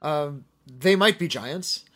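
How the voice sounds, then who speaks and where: A man co-hosting a casual film podcast, dry and jokey, halting with fillers and restarts. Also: on the high side, a bit bright, soft background music. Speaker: podcast co-host, film critic.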